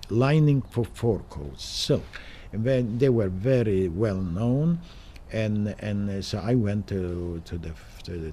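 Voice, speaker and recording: An older man speaking with a very low, mellow voice, telling his memories in halting, emotional phrases full of restarts. A faint noise hums under the interview. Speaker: Holocaust survivor interviewee. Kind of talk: documentary interview, recounting memories.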